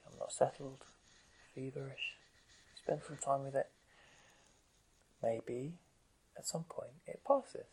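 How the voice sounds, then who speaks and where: A man giving a gentle, conversational dharma talk to meditators as their teacher, often asking rhetorical questions. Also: medium pitch, vocal fry, a little hiss or hum, rough recording.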